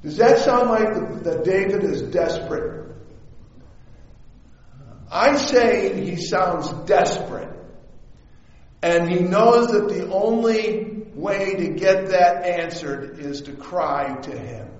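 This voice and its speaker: A man preaching a sermon in a conversational way that rises to shouts. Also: high voice, slow pace, long pauses, distant mic. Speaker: pastor. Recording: echoey hall, dull sound.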